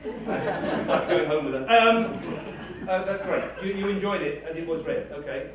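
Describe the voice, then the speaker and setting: Speaking to a live audience in a hall, a writer or reader with a fairly high, expressive voice chats casually at a measured pace, rambling, self-deprecating, and laughing often. The recording is echoey, distant, and noisy, with a crowd audible behind him.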